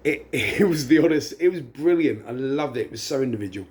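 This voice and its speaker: A man's voice: medium pitch, lively intonation, fairly quick, a little mellow, husky. A middle-aged man, tipsy, rambling chattily and self-deprecatingly in a casual monologue. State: tipsy from drinking. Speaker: vlogger.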